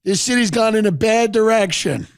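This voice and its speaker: A man hosting a podcast, riffing in a sardonic, rambling comedic monologue with quick asides. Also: sits high, vocal fry, clean tone, no echo, clean studio sound. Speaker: podcast host.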